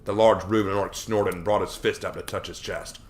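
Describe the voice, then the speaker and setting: A man reading aloud a first-person story he wrote himself, in a measured, expressive narrating manner. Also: low voice. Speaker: storyteller reading his own fiction.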